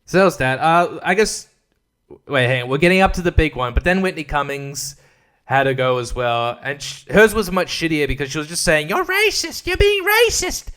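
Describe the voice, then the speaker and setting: A man's voice: fairly high pitch, fairly quick, a bit bright, clear, resonant tone. A man hosting a podcast, ranting in a rambling, crude, comedic way and laughing at his own jokes. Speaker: podcast host. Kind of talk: casual comedic rant.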